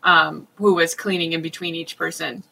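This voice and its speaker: Woman, hoarse from overuse, chatty, bright, casual interview. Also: low-pitched, fairly even intonation, poor audio. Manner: chatty, with fillers and quick asides. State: losing her voice. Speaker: game master at a role-playing nonprofit.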